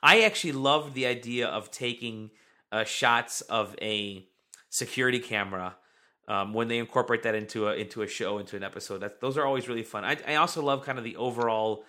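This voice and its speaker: The host of a podcast chats casually and rambles, reading listener comments aloud with lots of fillers. He speaks fairly quickly at medium pitch, and his tone is sharp.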